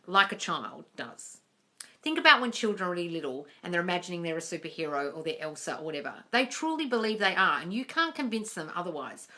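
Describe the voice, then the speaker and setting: Speaking through a phone on a livestream, this manifesting coach answers viewers' questions head-on, addressing them as "darling" and "guys." Her voice is on the low side, bright and forceful.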